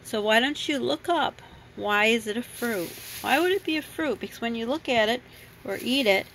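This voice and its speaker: A woman's voice: on the high side, moderate pace, fairly bright tone, a little hiss or hum, rough recording. A woman who grew up abroad, casually chatting through her fruit and vegetable haul in a home kitchen, rambling with lots of ums. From grew up in another country. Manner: rambling, chatty, many ums and self-corrections. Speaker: vlogger showing a grocery haul. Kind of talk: casual chat.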